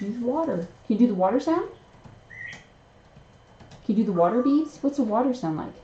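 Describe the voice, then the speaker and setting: A woman's voice: a little high, animated, fairly quick, mellow, slight background noise. A woman hosting a live stream, coaxing her pet bird in sing-song baby talk. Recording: roomy, slightly muffled home recording.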